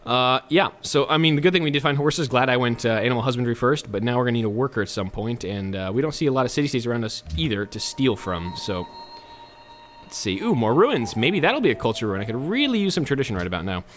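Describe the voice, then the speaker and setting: A man hosts a let's play with casual gameplay commentary. He talks in a chatty way and drops jokes and self-mocking asides. His voice sits at an ordinary middle pitch. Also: animated, fast talker.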